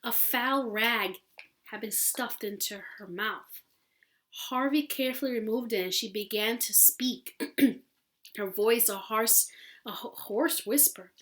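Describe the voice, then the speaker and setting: A woman reading a novel chapter aloud in an expressive, dramatic way, with small slips and restarts. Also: fairly high pitch, slow pace. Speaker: audiobook reader.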